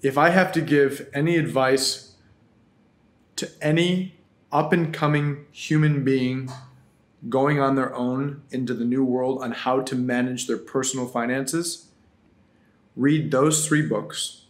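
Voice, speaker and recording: A man's voice: mid-range voice, steady tone, takes it slowly. A man guest on a podcast, answering earnestly and reflectively and repeating words as he works out his thoughts. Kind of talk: casual interview answers.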